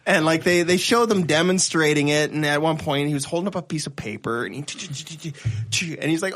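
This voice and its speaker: A man's voice: on the high side, expressive, brisk, a bit bright. A man co-hosting a podcast, casually retelling videos with restarts and laughter. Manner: rambling storyteller, laughs at own stories, restarts often. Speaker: podcast co-host. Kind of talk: casual panel chat.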